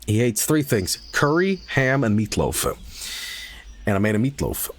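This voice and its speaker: A man streaming a game, chatting casually and rambling through a story, swearing and laughing loudly. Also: mid-range voice, sing-song, a little slow. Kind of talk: casual live-stream chat while gaming.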